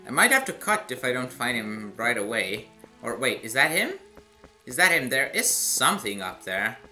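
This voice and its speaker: A man's voice: medium pitch, big pitch swings, moderate pace, bright, forceful tone, soft background music. A man doing casual gameplay commentary, chatty with self-mocking asides. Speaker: let's play gamer.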